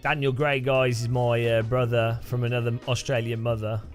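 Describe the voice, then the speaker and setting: With faint music behind him, a British man with a mid-range voice and little pitch movement speaks at normal speed in British English. He casually chats with his stream while sim racing, joking, laughing often and greeting chat by name.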